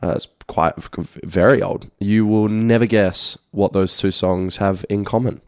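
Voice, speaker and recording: Laid-back low-voiced male radio host. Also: steady tone, normal speed, dry recording, clean studio sound. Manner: chatty, laid-back, slangy. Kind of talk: casual radio chat.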